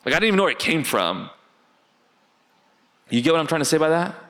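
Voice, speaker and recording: A man's voice: a little high, very animated, quick pace, a bit bright. A man teaching a religious class in a conversational way, often asking the audience rhetorical questions.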